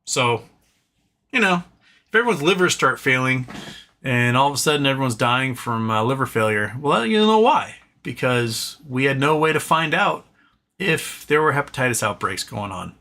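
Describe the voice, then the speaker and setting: This man's medium-pitched voice is expressive, pushed, and bright, moving at a moderate pace. Hosting a political livestream, he rants with exasperated sarcasm, swears, mocks opponents using put-on quotes, and repeatedly restarts sentences amid fillers.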